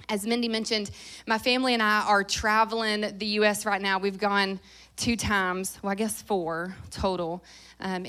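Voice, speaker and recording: A woman in her thirties with a Southern accent preaches a sermon. She talks fast and jokes with the crowd. When she prays, her voice goes hushed. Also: medium pitch. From American South. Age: 30s. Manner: lively, joking, fast-talking; drops to a hushed voice in prayer. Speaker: guest preacher.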